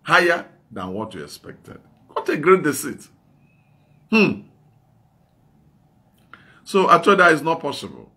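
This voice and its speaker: A middle-aged man preaching a sermon as an evangelist, his voice sitting a little high and swinging widely in pitch. He is emphatic and keeps putting questions to his listeners, with a bright, forceful edge to his voice. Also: big pitch swings, measured pace, pauses often. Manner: emphatic, repeats questions to the congregation; tells stories in a plain, unscripted way.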